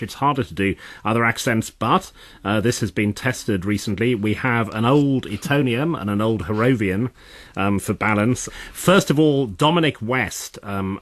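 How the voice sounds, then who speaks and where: Male radio host, measured interviewer, lowish voice, dry studio. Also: no room sound. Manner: measured, introduces clips, asks questions. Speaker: radio arts show presenter. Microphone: studio mic, dry.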